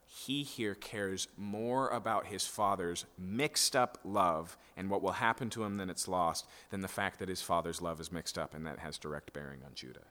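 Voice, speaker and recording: A man preaches through a passage in a conversational way and keeps checking in with "okay?" and "right?". His voice sits fairly low yet sounds bright and forceful. Long reverb from a large hall trails each phrase. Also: moderate pace, hardly any pauses. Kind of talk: expository sermon.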